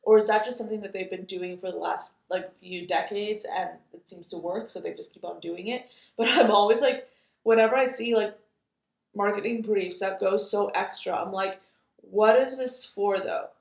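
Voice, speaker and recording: A woman's voice: mid-range voice, fairly even intonation, normal speed, creaky, echoey room. A woman chatting casually as a perfume reviewer, amused and full of fillers and asides. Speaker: fragrance reviewer. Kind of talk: casual chat.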